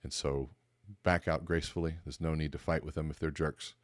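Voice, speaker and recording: A man's voice: extremely low pitch, a little fast, no echo, studio quality. A man hosting a podcast, giving a motivational talk on conversation and acting out the dialogue of his stories. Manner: animated storytelling, acts out dialogue in a raised voice. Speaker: podcast host and speaker coach.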